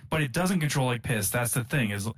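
A man's voice: mid-range voice, animated, brisk. A man co-hosting a casual gaming podcast, rambling and filling his talk with "like" and small chuckles. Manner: rambling, full of fillers and chuckles. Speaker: podcast co-host. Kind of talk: casual chat about video games.

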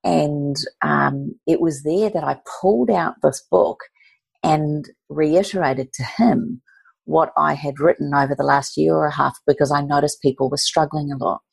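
A woman in her forties with a low, gravelly, husky voice talks through her story warmly and effusively, with frequent restarts. She sounds close and dry, with no room around her. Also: normal speed, no room sound. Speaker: author and guest. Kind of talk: casual conversational storytelling.

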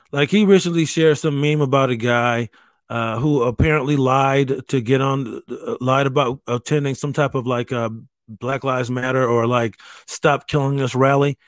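Man, casual rant, profane, exasperated, fairly high voice, dry close recording. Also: dry recording. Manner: halting restarts, mimics voices.

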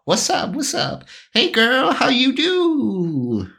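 A man's voice: very high voice, wildly swooping pitch, takes it slowly, gravelly, sharp tone, voice pushed up, heavily acted. A man doing a sleazy swaggering party guy. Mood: flirty. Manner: sleazy flirting, exaggerated swagger.

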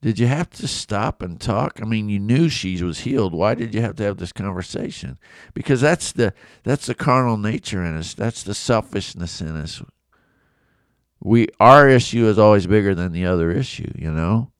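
Animated and fairly low-pitched, a man teaches the Bible in a relaxed, conversational way at a moderate pace, voicing the story's characters himself. It's a studio-quality recording with no echo.

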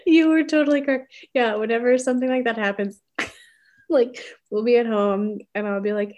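A woman's voice: mid-range voice, fairly even intonation, moderate pace, darkish tone. A woman co-hosting a podcast in casual chat, talking in a chatty way, laughing often and acting out her own reactions. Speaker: podcast co-host.

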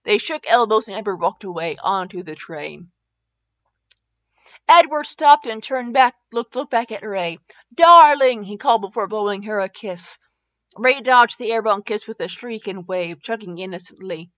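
A woman's voice: mid-range voice, lively intonation, normal speed, dry recording. A woman reading a comic fanfiction aloud, giggling and stumbling over words, on a slightly dull recording. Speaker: fanfiction reader.

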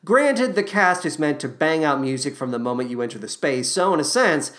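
A man's voice: a little high, expressive, brisk, fairly bright tone. A man hosting a podcast, giving a comedic review of a musical's songs in a sardonic, profane, enthusiastic way.

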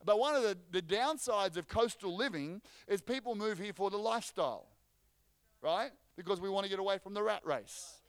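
A man preaching a sermon as pastor, energetic and joking, often restarting his phrases. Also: high voice, moderate pace, clean tone, dry recording. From Australia.

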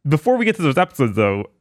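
A man hosting a podcast, chatting casually and laughing often. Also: a little high. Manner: laughs often, lively and joking. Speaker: podcast host.

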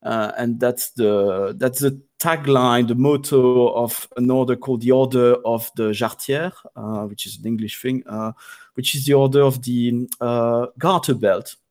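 A man from Belgium, a guest on a podcast, talking casually and often pausing to search for words. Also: medium pitch, fairly even intonation, darkish tone. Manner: hesitant, searching for words with many fillers. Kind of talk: casual chat.

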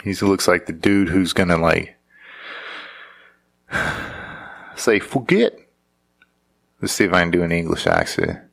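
A married man riffs through casual comedic commentary, sarcastic and rambling, often restarting sentences. His low voice swings hugely in pitch, with vocal fry, a fairly bright tone, a slightly slow pace, and frequent pauses.

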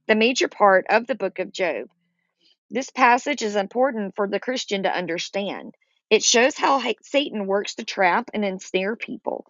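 A woman's voice: mid-range voice, no room sound. Woman, Bible teacher, reads verses then explains them, medium voice, dry muffled recording. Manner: reads scripture aloud then explains it plainly, with fillers.

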